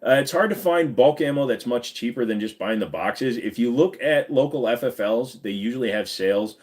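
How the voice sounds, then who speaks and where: Relaxed male streamer, rambling chat with viewers, casual swearing. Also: medium pitch, normal speed. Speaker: livestream host.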